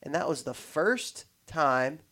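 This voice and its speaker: A man's voice: a little high, slow pace. Rambling podcast host man. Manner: rambling, restarts often, animated when telling stories. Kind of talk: casual podcast chat.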